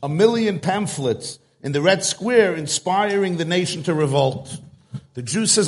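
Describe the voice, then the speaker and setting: A man's voice: a little high, lively intonation, measured pace. A man giving a storytelling talk to a live audience, chatty and joke-telling, speaking straight to his listeners.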